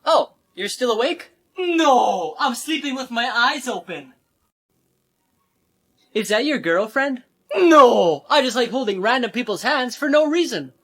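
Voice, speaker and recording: A man from San Diego performing short comedy skits, playing every part with sarcastic deadpan comebacks. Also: extremely high pitch, moderate pace. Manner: sarcastic deadpan comebacks, switching between characters. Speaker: comedy creator.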